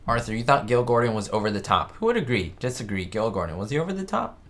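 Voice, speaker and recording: A man's voice: medium pitch, big pitch swings, quick pace, fairly bright tone. A man hosting a casual live-stream chat, talking in a rambling, chatty way and reading viewer comments aloud. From United States. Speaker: host of a live chat show. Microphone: webcam setup.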